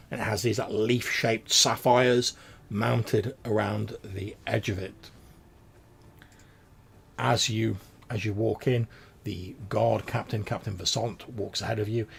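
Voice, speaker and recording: A man's voice: fairly low pitch, creaky, breathy edge. A man narrating as game master, describing scenes in a loose, rambling way with many fillers.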